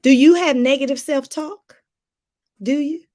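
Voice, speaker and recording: High-voiced woman life coach preaching. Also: expressive, unhurried, a little mellow. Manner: preachy, repeats phrases for emphasis; talks straight to viewers with casual asides. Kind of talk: motivational talk to viewers.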